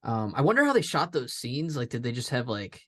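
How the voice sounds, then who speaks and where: A man's voice: medium pitch, sing-song, brisk, fairly bright tone. A man chatting casually on a movie podcast, sharing trivia about the cast in an easygoing way. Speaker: podcast co-host. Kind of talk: casual movie review chat.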